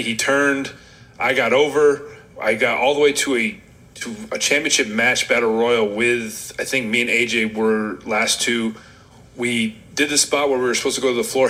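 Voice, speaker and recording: A man's voice: mid-range voice, bright, forceful tone, rough recording. A man from upstate New York, a former wrestler, telling candid stories in a casual interview. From Rochester, New York. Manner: candid, rambling, self-deprecating.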